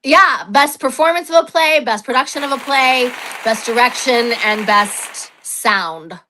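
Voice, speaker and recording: A woman's voice: high voice, measured pace, noisy background. A woman from New Mexico talking casually in an interview about her solo stage show, chatty and self-deprecating, with frequent fillers. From New Mexico, USA.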